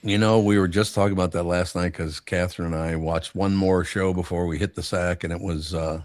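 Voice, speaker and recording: A man's voice: sits low, fairly even intonation, fairly quick, darkish tone, dry recording, studio quality. An older man hosting a live podcast, rambling through stories in casual chat and laughing often. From United States. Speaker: radio show host.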